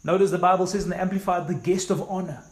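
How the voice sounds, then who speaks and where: Brief: male pastor preaching a fervent sermon, voice a touch high, echoey room. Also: fairly even intonation, fast talker. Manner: reads scripture then preaches with fervent exhortation.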